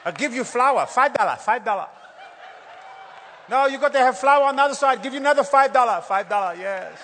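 A man's voice: very high-pitched, expressive, fairly quick, fairly bright tone, some chatter behind, slight background noise, pitched above the performer's own voice, heavily acted. A male preacher voicing a pushy female nail salon worker who keeps upselling with insistent, repetitive haggling.

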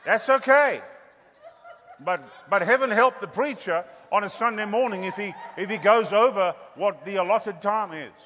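A high-voiced male preacher delivering a humorous sermon in a church. He jokes animatedly and keeps teasing the congregation with rhetorical questions. His voice rings out in a long reverb. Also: normal speed. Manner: animated, joking, repeats "hello?" for laughs.

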